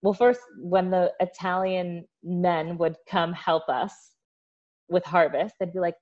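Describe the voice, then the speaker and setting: Lively storytelling woman, muffled sound. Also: on the low side, a little slow. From United States. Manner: animated storyteller, laughs often. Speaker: guest, olive oil producer. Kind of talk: casual interview storytelling.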